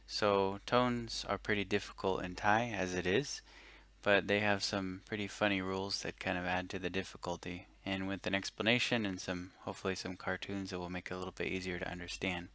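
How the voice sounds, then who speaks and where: A man giving a casual, step-by-step language lesson, relaxed and correcting himself now and then. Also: sits low, fairly quick. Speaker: language teacher.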